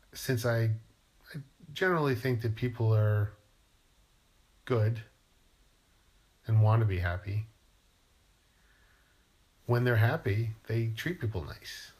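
A man's voice: fairly low pitch, a little mellow. A man, a writer, musing playfully in a rambling monologue and asking himself questions aloud.

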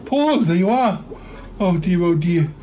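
A man's voice: high-pitched, animated, a little slow, warm tone, a little hiss or hum. A man voicing Cromitty, a fussy, dithering inventor who keeps fretting aloud. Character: fretful inventor Cromitty, keeps saying oh dear.

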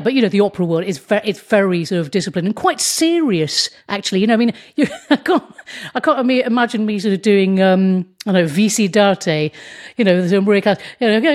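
A woman, a comedian, chatting as an interview guest, telling animated stories and slipping into put-on voices. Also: mid-range voice. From England. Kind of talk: casual interview chat.

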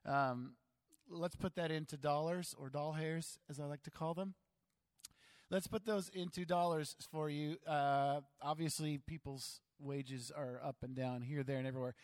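A man delivers a sermon in a church, his voice sitting a little high for a man. He preaches in a loose, conversational way, slipping in asides and acting out quotes. A long reverb trails behind his words, though the close sound itself stays dry. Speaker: pastor. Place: church sanctuary.

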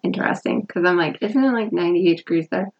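A woman co-hosting a podcast, chatting casually about a TV show in a relaxed, agreeable way and laughing easily. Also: fairly low pitch, quick pace. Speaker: podcast co-host. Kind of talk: casual chat recapping a TV show. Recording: dull lo-fi sound.

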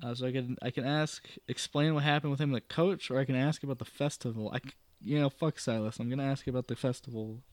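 A man's voice: medium pitch, steady tone, fast talker, hardly any pauses, darkish tone, no room sound. A man reading a gamebook aloud and musing over his choices, with self-deprecating asides. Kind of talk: casual reading and commentary.

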